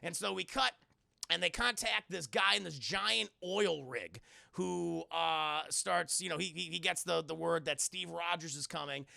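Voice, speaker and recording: A man's voice: on the high side, measured pace, gravelly, sharp tone, no room sound. A man giving a rambling, profane, jokey film recap to a live chat. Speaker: streamer and film reviewer.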